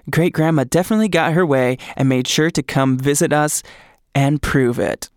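A male podcast host chats in an excitable, gushing way and slips jokes in as he reads listener stories. His voice sits a touch high and sounds dry and close to the mic. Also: moderate pace, no echo. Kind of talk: casual podcast chat and reading listener stories.

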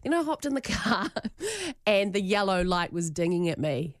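A woman co-hosting a breakfast radio show, telling an animated story with laughter and acted-out quotes. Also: lowish voice, normal speed, no room sound, clean studio sound. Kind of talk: casual chat, storytelling.

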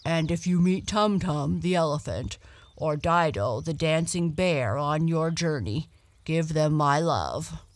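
A woman reading a storybook aloud and voicing a friendly, warm-hearted male dog in a slower, lower and louder voice with a changed timbre. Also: expressive, no echo.

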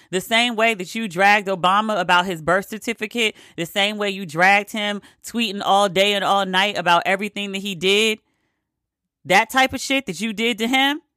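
A woman's voice: mid-range voice, sharp tone, dry recording, clean studio sound. A woman ranting in a casual, profane, exasperated way, hammering her points with emphatic repetition. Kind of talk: opinionated casual rant.

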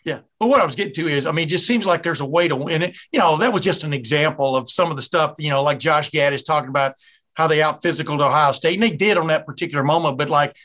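Hosting a casual podcast interview, a middle-aged man with a Southern US accent talks fast in a fairly high, slightly bright voice. He's chatty and rambling, frequently breaking off mid-thought.

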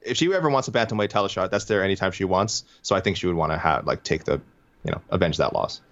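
Fast-talking low-voiced man, muffled audio. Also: a bit bright. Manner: fast, mock-exasperated banter. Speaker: podcast co-host. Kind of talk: casual chat.

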